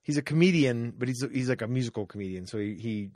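A man co-hosts a casual podcast from a studio, talking in a playful, meandering way. His voice sits at an ordinary pitch. The studio mic gives a close, dry sound. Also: animated, fast, darkish tone, no echo. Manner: rambling, playful, restarts sentences, slips into joke accents. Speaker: podcast co-host. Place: recording studio. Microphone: studio microphone.

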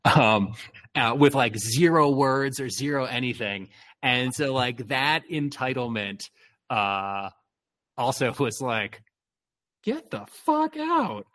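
A man's voice: medium pitch, slow pace, bright, forceful tone. Male storyteller, casual chat, rambling, heavy on fillers, swears a lot.

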